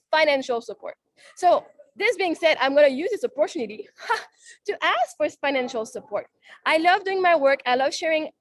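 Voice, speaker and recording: A woman podcast host, a native French speaker, talking casually to a live audience at an event, chatty and animated as she retells conversations. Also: sits high, no room sound. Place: event salon.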